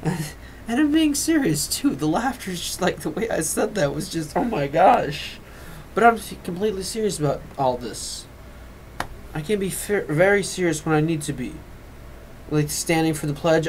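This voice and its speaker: A teenage boy speaks to camera in an emotional, confessional vlog. His voice sits a bit high, and his sentences keep stopping and restarting as he rambles. A faint background hiss runs under the recording. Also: rough recording. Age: teens. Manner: rambling and earnest, with frequent restarts and trailing off; emotional, fighting back tears at times. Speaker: vlogger.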